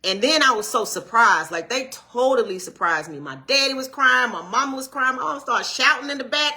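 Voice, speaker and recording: Speaking quickly with hardly any pauses, this middle-aged minister and channel co-host has a high-pitched, lively, bright and forceful voice on a casual livestream. Greeting viewers by name, she shifts into an uplifting, sermon-like manner, as though addressing her own congregation.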